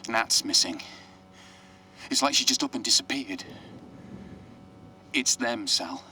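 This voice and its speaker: An actor playing a worried man who leaves an anxious, halting voice message for an old friend in a game. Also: medium pitch, lightly acted. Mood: anxious pleading. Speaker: game character leaving a voicemail.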